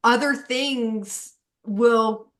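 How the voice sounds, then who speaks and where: A woman hosting an interview, chatting casually and reflecting slowly with frequent laughs. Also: a little high, steady tone, a bit bright.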